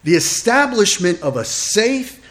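A male pastor delivers a sermon at a slow, deliberate pace. His tone is conversational rather than grand. He stops to ask the congregation questions and makes light jokes at his own expense. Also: high-pitched, big pitch swings, fairly bright tone. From Italian heritage. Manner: conversational, asks the congregation questions, self-deprecating asides.

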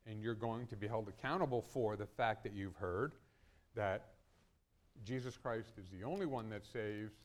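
A male pastor preaching a sermon in an earnest way. His loudness and pitch rise and fall widely for emphasis. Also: normal speed.

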